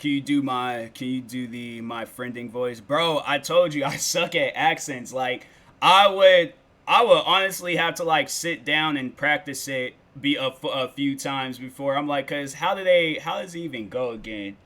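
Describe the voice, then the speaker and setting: A young man in his twenties talks casually to his livestream viewers. His voice is bright and forward, and his middling pitch wanders as he rambles loosely, full of filler words. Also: moderate pace. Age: 20s. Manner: rambling and loose, with lots of "like" and "bro". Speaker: streamer.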